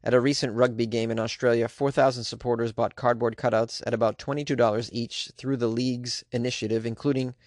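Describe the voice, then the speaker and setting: A man's voice: mid-range voice, flat delivery, brisk, hardly any pauses, darkish tone, no echo, studio quality. A man hosting a comedy news podcast, chatting casually with slangy asides and frequent laughs.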